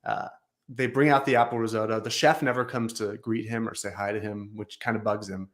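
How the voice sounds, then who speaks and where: A man's voice: on the low side, fairly even intonation, a little fast. A man speaking as a guest on a business talk show, telling a story with emphatic repetition. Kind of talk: storytelling in conversation.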